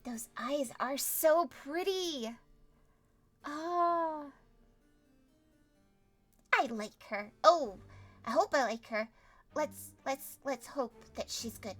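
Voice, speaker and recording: A woman streaming a visual novel, reading it aloud and reacting with animated, theatrical comments. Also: high-pitched, very slow, pauses often, dry recording, soft background music.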